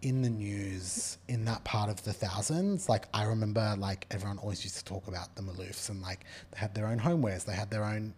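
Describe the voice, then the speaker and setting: Aussie guy, breathy voice, hypes everything up, casual podcast chat. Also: lowish voice, fairly quick, hardly any pauses, darkish tone. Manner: enthusiastic, short affirmations, slangy. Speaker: podcast co-host.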